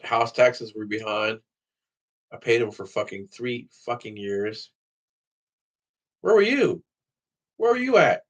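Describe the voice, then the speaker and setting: A man's voice: medium pitch, lively intonation, takes it slowly, pauses often. Man swearing through a rambling vlog monologue. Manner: profane, rambling talk to camera. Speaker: vlogger.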